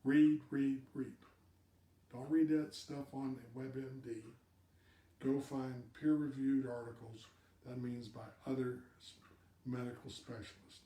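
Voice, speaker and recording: A man's voice: mid-range voice, level tone, a little slow, dark tone, echoey room, distant mic. A man hosting a live video cast, giving direct advice to viewers and repeating words for emphasis.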